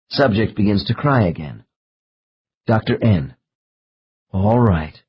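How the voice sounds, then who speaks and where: A man narrating an audiobook in a measured, slow reading of case transcripts. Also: lowish voice, expressive, slightly rough, dull audio. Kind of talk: scripted narration.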